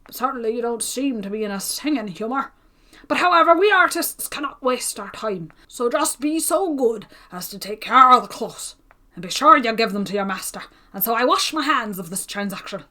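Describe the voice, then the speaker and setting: A pompous male tailor who gossips in a chatty, exclaiming way, as a woman reader puts him on. His voice is fairly high and bounces about with lively pitch. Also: moderate pace. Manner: chatty, self-important, exclaiming.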